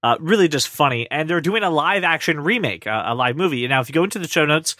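A man hosting a casual podcast chat, talking in an animated, opinionated and jokey way. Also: a little high, fast, no echo, clean studio sound. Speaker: podcast host.

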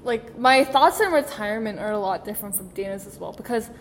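A woman's voice: mid-range voice, lively intonation, a little fast, in a large hall, slight background noise. A teenage girl co-hosting a student podcast in casual chat, talking with many "like" fillers. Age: teens. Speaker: podcast co-host.

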